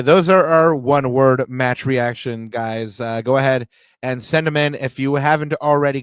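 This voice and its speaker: A man's voice: mid-range voice, smooth, no room sound. A man co-hosting a soccer podcast, talking casually and rambling with lots of fillers and restarts. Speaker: podcast co-host. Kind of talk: casual sports podcast chat.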